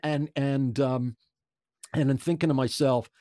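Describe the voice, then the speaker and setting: A man in his sixties telling a lively story as an interview guest, stumbling and repeating words as he gets excited. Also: mid-range voice, unhurried, no room sound, studio quality. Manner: animated storyteller, stammers and repeats. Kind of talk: casual anecdote telling.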